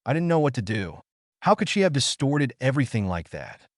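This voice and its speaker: A man narrating a first-person story in an expressive, dramatic way. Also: mid-range voice, brisk, no room sound, clean studio sound.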